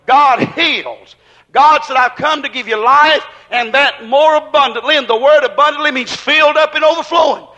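Male preacher, high bright voice, fiery, shouting sermon delivery. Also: moderate pace, rough recording.

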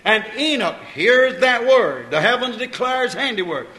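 Man preaching, high voice, repeats and builds phrases, long echoing reverb. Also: sing-song, moderate pace, pushed and bright. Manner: preaching with rising emphasis and repetition; calls out to the congregation. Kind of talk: sermon. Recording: reverberant hall.

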